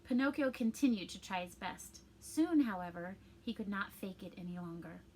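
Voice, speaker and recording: A woman's voice: medium pitch, expressive, moderate pace, a little mellow, a little hiss or hum. A young woman reading a storybook aloud to children, adding chatty explanations for young listeners.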